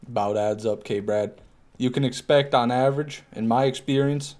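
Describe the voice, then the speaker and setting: A man's voice: medium pitch, moderate pace, a little mellow, a little hiss or hum. Man, live game stream, casual joking chat, reads viewer comments.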